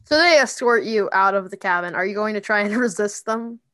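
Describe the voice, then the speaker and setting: A woman's voice: medium pitch, animated, pushed and bright. Casual woman running a tabletop game. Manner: casual, halting, many fillers. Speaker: game master.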